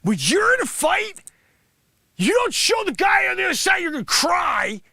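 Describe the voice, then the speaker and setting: A man playing a boastful, money-grubbing karate sensei who scolds his class and breaks into shouts. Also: extremely high pitch, big pitch swings, normal speed, vocal fry, dry recording, clean studio sound, full character voice. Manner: bragging, scolding, swings into shouts. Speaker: livestream host. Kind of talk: improvised comedy character bit.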